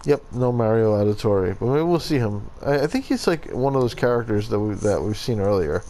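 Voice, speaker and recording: A man's voice: on the low side, expressive, a little fast, warm tone, rough recording. A man hosting a let's play, talking in a joking, irreverent way and swearing casually. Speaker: gaming channel host.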